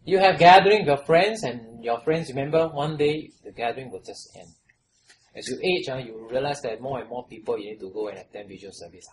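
A pastor preaching a sermon, repeating phrases and putting questions to the congregation, rising to loud exhortation and falling to hushed trailing lows. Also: brisk, a little hiss or hum, poor audio.

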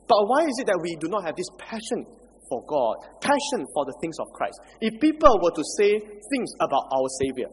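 A man's voice: on the high side, breathy edge. A man preaching a conversational sermon, asking the congregation questions as he goes. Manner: asks the congregation questions, animated and chatty. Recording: echoey hall with faint background noise.

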